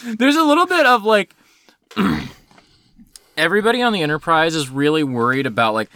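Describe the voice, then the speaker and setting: A man co-hosting a podcast, chatting casually about films, animated, swearing freely and laughing often. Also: a little high, normal speed, long pauses, no echo. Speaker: podcast co-host. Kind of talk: casual film discussion.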